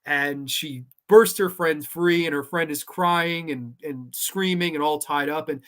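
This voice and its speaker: A man's voice: on the high side, a little slow, hardly any pauses, fairly bright tone. A man hosting a live horror movie show, talking casually and enthusiastically with loose rambling phrasing and frequent swearing.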